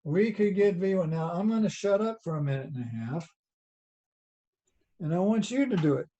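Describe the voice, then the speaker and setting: A man's voice: high-pitched, lively intonation, normal speed, warm tone, lo-fi sound. A man with a Southern US accent teaching a college lecture over a video call, chatty and folksy, asking rhetorical questions as he explains. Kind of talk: online lecture.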